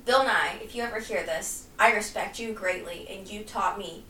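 A woman who teaches high school psychology co-hosting a podcast, animated and emotional, acting out scenes. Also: moderate pace, echoey room, far from the mic. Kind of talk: casual podcast chat.

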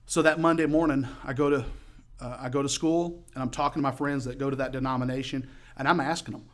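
A man giving his testimony as a sermon, telling a story and acting out the voices he quotes by raising and yelling them. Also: medium pitch, steady tone, fast. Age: adult, past high school.

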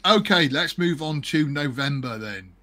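A man's voice: a little high, lively intonation, unhurried, a loud crowd. A man hosting a casual film chat, rambling and laughing as he talks. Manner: rambling, laughing, jumpy loudness. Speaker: podcast host. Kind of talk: casual chat reviewing films.

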